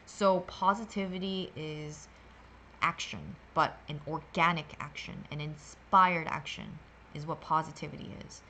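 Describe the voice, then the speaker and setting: A woman's voice: low-pitched, measured pace, sharp tone, a little hiss or hum. A woman hosting a meditation livestream, talking casually and sassily through a card reading, rambling with playful filler sounds.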